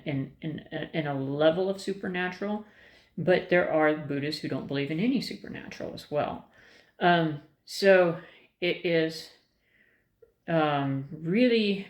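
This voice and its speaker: A woman vlogger talking casually to the camera, rambling and tangential, hedging her points with many ums and restarts. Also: sits low. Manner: thoughtful, hedging. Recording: roomy, echoey room.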